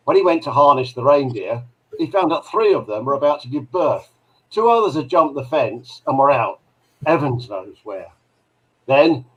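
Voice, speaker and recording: A man's voice: slightly rough, low-quality recording. A man co-hosting a live drone chat show, reading out a Christmas joke as a story. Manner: storytelling, with a cheery high voice for the angel's lines. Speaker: co-host reading the weekly joke.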